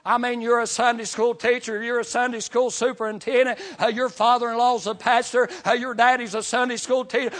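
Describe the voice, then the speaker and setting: A middle-aged man preaching a revival sermon and giving his testimony, dropping "amen" after nearly every phrase and swinging between shouting and hushed tones. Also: very high-pitched, level tone, a little fast, hardly any pauses. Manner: swings from shouting to near whisper.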